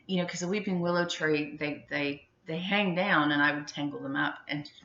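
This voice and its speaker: A woman's voice: low-pitched, moderate pace, pushed and bright, slight background noise. A middle-aged woman chatting in a loose, rambling vlog monologue, full of fillers and giggles. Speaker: vlogger. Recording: muffled, echoey room.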